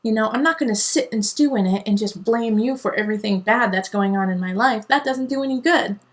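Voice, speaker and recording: Animated woman giving a tarot reading. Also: fairly high pitch, fairly quick. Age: adult parent. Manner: earnest, animated, digressive, tough-love. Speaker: tarot reader. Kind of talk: casual spoken tarot reading.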